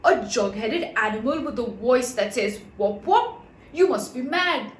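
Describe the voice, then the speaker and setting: A woman's voice: on the high side, animated, measured pace, slight background noise. A woman voicing a bossy male dog in a storybook, scoffing and scolding. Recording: roomy echo.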